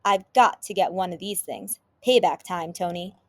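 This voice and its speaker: A woman's voice: lowish voice, normal speed, no echo. Woman doing a chatty male TV host. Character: cheerful male morning TV host.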